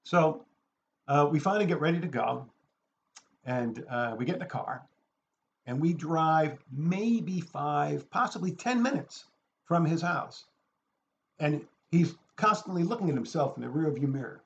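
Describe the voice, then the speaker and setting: A man telling a personal anecdote in a lively way, acting out the people in it. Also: fairly high pitch, unhurried, highs cut off. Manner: animated, acts out the people in his story. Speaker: storyteller. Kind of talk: anecdote told aloud.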